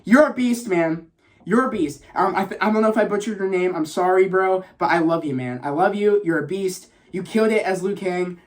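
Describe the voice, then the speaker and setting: This vlogger's voice sits high and he talks briskly, giving an excited, rambling spoiler review of a film. Fillers, restarts and swear words come up often.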